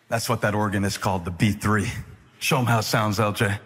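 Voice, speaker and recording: Husky-voiced preacher man in an echoing hall. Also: mid-range voice, normal speed, soft background music. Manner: animated, joking, rising to loud emphatic preaching. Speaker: pastor. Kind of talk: humorous storytelling sermon. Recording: echoey hall reverb.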